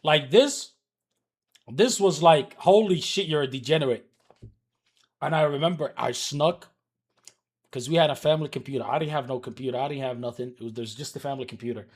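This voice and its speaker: A man livestreaming and telling a story to his chat, animated and profane, moving between mutters and shouts. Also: mid-range voice, a little fast, pauses often, husky.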